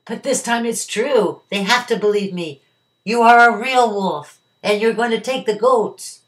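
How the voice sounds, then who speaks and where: A woman voicing a mischievous young shepherd boy who yells and cries out. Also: very animated, drawn-out words. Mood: pleading. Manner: shrill yelling cries.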